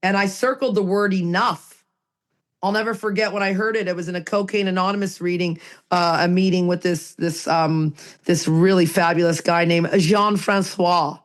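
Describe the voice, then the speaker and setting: A woman's voice: fairly low pitch, steady tone, moderate pace. Earnest, emphatic woman co-hosting a podcast. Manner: earnest, emphatic, repeats phrases for effect. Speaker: podcast co-host. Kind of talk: casual recovery podcast talk.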